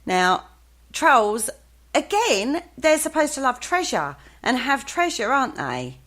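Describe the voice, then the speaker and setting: A woman's voice: high voice, sing-song, slow pace, a bit bright. A woman co-hosting a folklore podcast, playful and teasing, laughing at her own stumbles over names. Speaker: podcast co-host. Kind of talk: casual chat about folklore.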